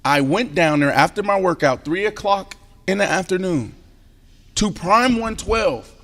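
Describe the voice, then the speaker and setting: A man in his forties, a co-host on a sports talk show, telling stories animatedly and with emphasis, sometimes dropping into a hushed voice. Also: high-pitched, measured pace, long reverb tail. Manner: animated storyteller, emphatic, drops into a hushed voice to tell a story. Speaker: co-host and former football player.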